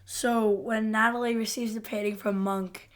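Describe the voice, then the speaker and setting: A woman's voice: fairly high pitch, flat delivery, normal speed. A woman co-hosting a podcast in casual chat, laid-back and often laughing along. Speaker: podcast co-host.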